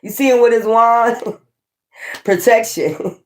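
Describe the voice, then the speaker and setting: A woman's voice: fairly high pitch, slow, long pauses. Profane laughing woman reading tarot. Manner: profane, laughing, animated asides to viewers. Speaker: tarot reader.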